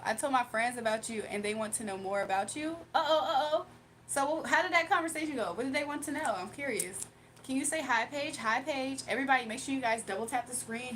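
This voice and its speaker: A woman's voice: high-pitched, fairly bright tone, slight background noise. A woman from Virginia hosting a live stream, chatting casually, reading viewer comments, and teasing them playfully with frequent laughter. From Virginia, USA. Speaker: livestream host.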